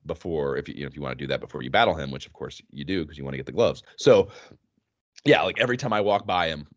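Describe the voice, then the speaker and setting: Low-voiced, animated guy chatting games. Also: quick pace, no room sound. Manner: animated, laughing, swearing freely. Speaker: podcast co-host. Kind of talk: casual gaming chat.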